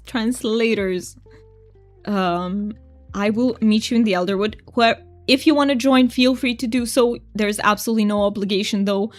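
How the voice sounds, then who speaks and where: A woman's voice: fairly high pitch, slow pace, long pauses, fairly bright tone, dry recording, soft background music. A woman streaming a cozy game, chatting casually with her viewers and reading their messages aloud. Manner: chatty, giggly, reads chat aloud. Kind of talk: casual gameplay chat with chat.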